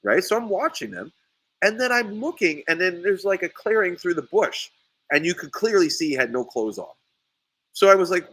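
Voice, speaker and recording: A man hosting a casual chat, telling a story with lots of energy, laughing often and voicing the people in it loudly. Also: high-pitched, animated, normal speed, no echo, poor audio. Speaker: sea moss farmer and podcast host.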